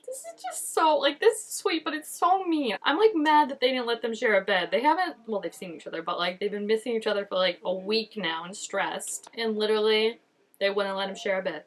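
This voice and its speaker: Woman, casual reaction vlog, mid pitch, chatty, filler words, home camera mic. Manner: chatty, animated, many "like" fillers, quick laughs. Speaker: reaction video host. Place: indoors at home, changing daylight.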